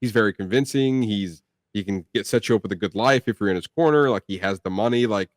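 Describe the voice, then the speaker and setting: This young man speaks fast in a lowish voice while co-hosting a film review podcast. He chats casually and rambles, with plenty of fillers, "like" and restarts. The studio-quality audio has no room sound.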